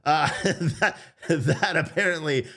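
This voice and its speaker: A man who is a father, telling a story in a casual, animated way, blunt and swearing, acting out the voices in it. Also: fairly high pitch, slow pace. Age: adult father. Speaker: vlogger.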